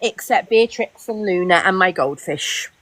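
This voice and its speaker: A woman's voice: fairly low pitch, expressive, normal speed, fairly bright tone, no echo. A woman making jokey, indignant remarks during live-stream banter. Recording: crowd chatter behind.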